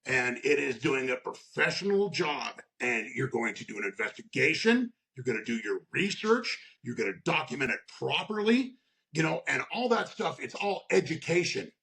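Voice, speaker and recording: This union shop steward, a podcast guest in a casual chat, has a medium-pitched, sing-song voice with vocal fry and a sharp edge, moving at a moderate pace. Blunt and profane, he keeps tacking "okay?" onto his points. He performs workplace scenes by voicing the people in them.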